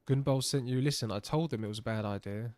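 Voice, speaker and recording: A defensive young rebel from a fantasy game, voiced by a man. He sounds brusque and raises his voice at a middling male pitch. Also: fast, darkish tone, smooth, no echo, close to an everyday voice.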